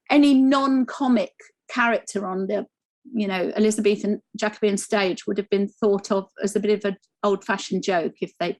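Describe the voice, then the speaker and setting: A woman giving an academic conference lecture over slides, speaking with frequent ums, pauses and restarts. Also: medium pitch, darkish tone. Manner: hesitant, many ums and restarts.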